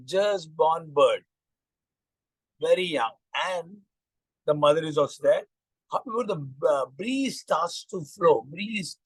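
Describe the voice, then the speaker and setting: Slow-talking Indian man telling a fable. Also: fairly high pitch, slightly rough, no echo, poor audio. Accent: Indian English. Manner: halting, frequent restarts and fillers. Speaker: life coach. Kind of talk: moral storytelling in a vlog.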